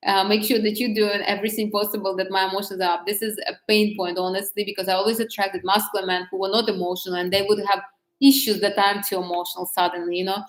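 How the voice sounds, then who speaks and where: A vlogger giving dating advice talks candidly to camera, chatty and fast, often restarting sentences and laughing lightly. Her medium-pitched voice has a flat delivery, and the sound is reverberant.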